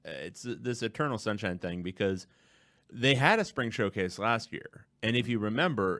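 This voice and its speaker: A man in his thirties co-hosts a podcast with wry, deadpan jokes. His voice sits low and sounds close and dry in the studio. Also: dry recording. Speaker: podcast co-host. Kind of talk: casual chat.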